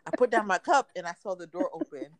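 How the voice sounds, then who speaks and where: A woman in her thirties with a slightly low voice tells a story in relaxed chat. She laughs often and jumps into animated voices for the people in it. The sound is dry and close. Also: fast talker, dry recording. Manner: animated, laughing, acts out quotes.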